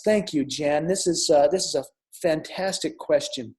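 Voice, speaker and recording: A middle-aged man telling a personal story in an earnest, reflective way, with restarts and soft drops in volume. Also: on the high side, normal speed. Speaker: speaker sharing a near-death experience. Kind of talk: personal storytelling talk with audience questions. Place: online summit talk.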